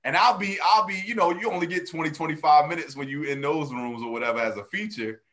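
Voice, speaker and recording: A man's voice: fairly high pitch, quick pace. A male comedian telling stories in casual chat, laughing often and acting out the people he quotes. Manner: animated storytelling, acts out quotes, laughs often. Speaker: comedian, podcast co-host.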